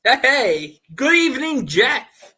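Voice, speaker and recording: A man's voice: very high voice, sing-song, takes it slowly, pushed and bright, breathy edge. A man with a Northern English accent hosting a live online interview in a chatty, upbeat, casual way over a video call. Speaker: host. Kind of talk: live online interview, quick-fire questions.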